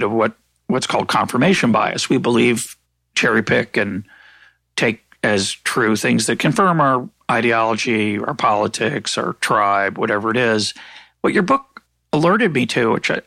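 Man, podcast host, economist, husky tone, dry close recording, conversational and thoughtful. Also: mid-range voice, a bit bright, no room sound. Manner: thoughtful, acts out quoted exchanges with a rising voice. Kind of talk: conversational interview.

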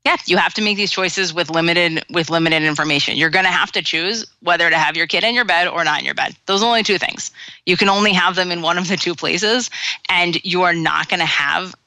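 A woman being interviewed as an author, explaining in a measured way with frequent restarts. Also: fairly low pitch, bright, forceful tone, no echo, rough recording. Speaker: author and guest. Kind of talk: conversational interview.

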